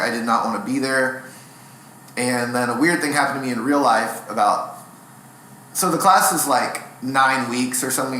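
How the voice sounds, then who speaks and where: A young stand-up comedian sits in as a guest for a relaxed chat, telling long, rambling anecdotes that run himself down. His voice is medium in pitch with a crisp, bright edge. It echoes around the room, with faint hiss underneath.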